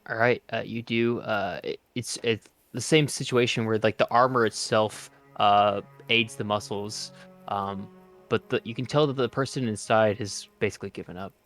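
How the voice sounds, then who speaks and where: Low-voiced game master, halting. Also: male voice, fairly even intonation, fairly bright tone, soft background music. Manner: hesitant, many filler sounds. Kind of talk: narrating a tabletop game.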